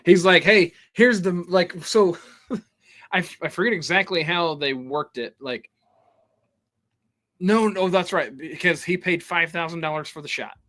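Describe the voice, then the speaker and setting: A man's voice: on the high side, unhurried, fairly bright tone. A man co-hosting a film podcast in casual chat, agreeable and enthusiastic, egging his partner on. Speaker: podcast co-host.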